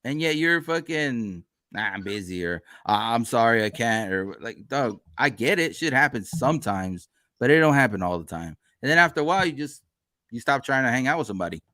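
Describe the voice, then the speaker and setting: Male podcast host, laid-back and profane, animated pitch, dry close sound. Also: brisk, no room sound. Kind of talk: casual chat.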